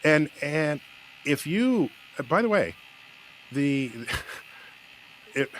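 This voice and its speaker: A man's voice: on the high side, big pitch swings, very slow, slight background noise. A man in a recorded discussion, arguing emphatically and restarting his sentences as he reasons aloud. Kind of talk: spoken debate.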